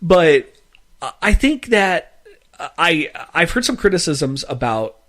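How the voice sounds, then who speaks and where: A man's voice: fairly high pitch, very animated, slow pace, fairly bright tone. A man co-hosting a podcast, chatting casually in a movie review and joking around. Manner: joking, acts out quotes in put-on voices. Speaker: podcast co-host.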